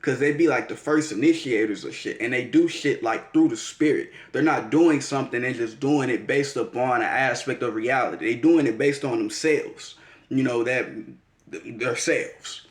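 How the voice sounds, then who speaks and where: A man's voice: mid-range voice, moderate pace, reverberant. A man giving a slangy, profane, rambling casual monologue as an astrology vlogger.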